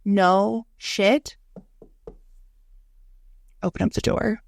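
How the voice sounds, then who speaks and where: A woman's voice: medium pitch, fairly even intonation, drawn-out words, gravelly. A woman in her thirties co-hosting a podcast, telling stories in a casual, chatty way with quoted asides. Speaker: podcast co-host. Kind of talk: casual chat.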